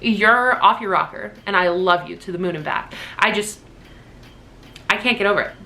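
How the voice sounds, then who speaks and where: A woman in her twenties chatting excitedly in a casual birthday haul vlog at home, gushing and swearing casually. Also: mid-range voice, normal speed. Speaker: vlogger.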